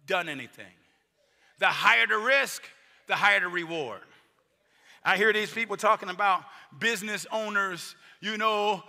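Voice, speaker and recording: Preacher man w/ a really bright cutting voice, talks casual then shouts it, big church echo. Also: high voice. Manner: swings from quiet asides to shouted preaching; colloquial, conversational with the congregation. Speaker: bishop preaching. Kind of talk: sermon. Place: large church sanctuary. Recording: long church-hall reverb.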